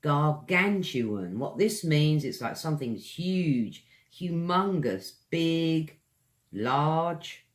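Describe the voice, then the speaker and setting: Slow, lively British man teaching words. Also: a little high. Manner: slow, drawn-out enunciation of words, chatty asides to viewers. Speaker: English teacher. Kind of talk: online pronunciation lesson.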